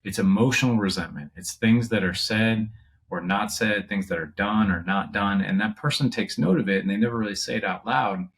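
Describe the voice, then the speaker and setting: Low-voiced host guy, earnest, thinks out loud at length. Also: fairly quick. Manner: reflective, earnest, explains at length. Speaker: podcast host, coach. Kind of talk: interview conversation.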